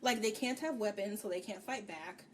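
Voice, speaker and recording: A woman co-hosting a book review show, ranting frankly about a novel in loose, casual chat. Her voice sits at an ordinary middle pitch. It comes from a mic set some way off, with a faint hiss behind it. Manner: candid, ranting, acts out characters' lines in quick bits. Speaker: book review podcast co-host. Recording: distant mic with faint background noise.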